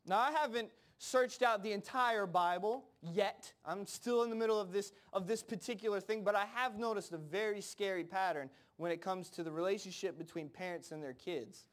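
A man with a high-pitched voice preaches in a loose, conversational sermon. He slips into casual voices for Bible characters and often repeats words as he builds a point. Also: normal speed, few pauses. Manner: repeats words and phrases, frequent fillers.

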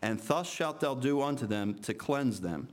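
A man preaching to a congregation, reading scripture aloud slowly and then talking casually with restarts. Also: medium pitch, expressive.

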